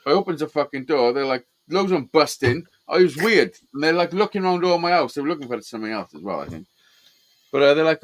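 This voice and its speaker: A man spins a story in loose, casual chat, swearing freely and getting animated as he goes. His voice sits fairly high for a man. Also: quick pace. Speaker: host.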